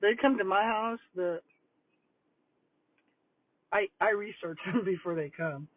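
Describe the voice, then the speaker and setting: A woman's voice: mid-range voice, takes it slowly, no echo. An older woman, a retired school principal chatting casually and rambling on a livestream while eating lunch. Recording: tinny phone-like dry audio.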